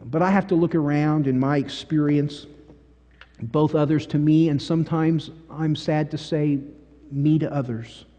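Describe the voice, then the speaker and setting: A man preaching a sermon as pastor, telling stories emphatically, swinging from quiet to loud. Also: fairly high pitch, a little slow. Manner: emphatic, animated storytelling with big swings in volume. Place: church sanctuary. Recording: long church-hall reverb.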